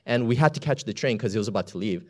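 A man preaching a storytelling sermon, chatty and full of filler words, swinging between hushed asides and loud emphasis. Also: fairly low pitch, expressive, very fast.

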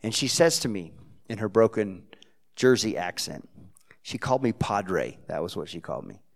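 Man, pastor, low deep voice, heartfelt sermon storytelling, quiet to loud. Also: sing-song, moderate pace, gravelly. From Texas.

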